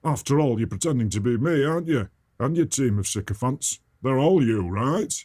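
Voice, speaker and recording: A man voicing a dim northern male soup cook, speaking with a Northern English accent in a slow, blunt, deadpan way. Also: medium pitch, dry recording, clean studio sound, voice pushed up, close to an everyday voice. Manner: slow, flat and deadpan, dropping words to a clipped "t-". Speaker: guest character.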